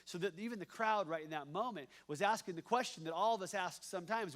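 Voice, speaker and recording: A male pastor preaching a sermon. He swings from hushed, slow lines to loud, emphatic ones, with a repeating cadence and playful asides. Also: sits high.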